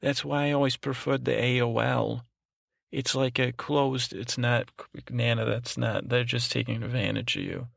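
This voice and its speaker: A man's voice: medium pitch, flat delivery, normal speed, vocal fry, fairly bright tone, no echo, studio quality. A man voicing an overprotective, cranky old grandmother who rambles, trails off and restarts constantly in a comic improvised monologue. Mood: rambling. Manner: meandering, trails off, frequent restarts and "I don't know". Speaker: podcast host.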